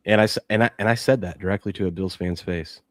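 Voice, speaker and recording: Deep-voiced male sports show host. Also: no echo, studio quality. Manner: animated storytelling, reads ad copy quickly. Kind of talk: casual sports chat.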